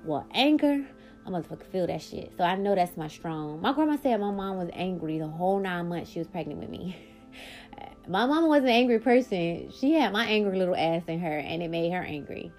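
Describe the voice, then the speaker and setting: A woman's voice: on the low side, lively intonation, a little fast, darkish tone, soft background music. Blunt, cursing woman podcaster. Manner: blunt and profane, emphatic bursts. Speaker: podcast host. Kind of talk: candid personal storytelling.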